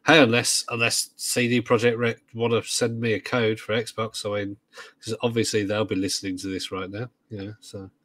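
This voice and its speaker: Man, mid-pitched, hesitant with lots of ums, joking asides, dry close mic. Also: flat delivery, moderate pace, a bit bright, no echo. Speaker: podcast co-host. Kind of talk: casual chat.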